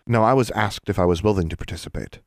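A man voicing an earnest, kind young schoolgirl in an audiobook, gentle and a little hesitant. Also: lowish voice, fast, vocal fry, no room sound, clean studio sound. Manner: gentle and chatty, slightly hesitant.

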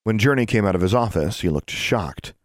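A man reading a children's fantasy audiobook in steady, measured narration. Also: on the low side, no room sound, clean studio sound. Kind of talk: scripted narration.

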